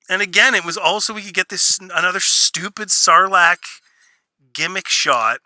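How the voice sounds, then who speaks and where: A man's voice: high-pitched, moderate pace, pushed and bright, no room sound. A man ranting sarcastically through a spoiler review, exasperated and mocking what he reviews. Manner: sarcastic, exasperated, mocks lines in put-on voices. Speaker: show reviewer.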